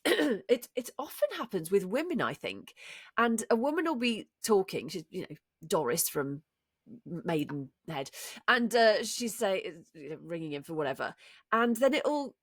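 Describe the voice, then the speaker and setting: A woman's voice: medium pitch, slightly rough, no echo. Woman, podcast co-host, casual chatty delivery, dry close sound. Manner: chatty, thinks aloud with restarts. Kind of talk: casual chat.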